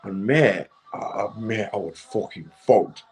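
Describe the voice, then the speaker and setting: A young man in the middle of a loose, meandering tale, clearly high. His talk is sweary and casual, full of restarts and constant little asides to the listener. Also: measured pace, a little mellow, rough recording. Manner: sweary, keeps tagging "right?" and "mate". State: stoned. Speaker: vlogger. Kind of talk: rambling casual storytelling.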